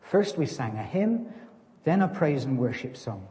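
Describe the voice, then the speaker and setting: In a church with long reverb, a man preaches a sermon in a mid-range, dark-toned voice that swings widely in pitch. He takes his time, staying conversational and self-deprecating, and plays up a farmer joke.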